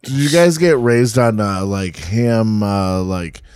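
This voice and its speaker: A man's voice: fairly low pitch, slow, darkish tone, clear, resonant tone, dry recording. A man co-hosting a podcast in casual chat, hesitant and trailing off as he mumbles. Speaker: podcast co-host.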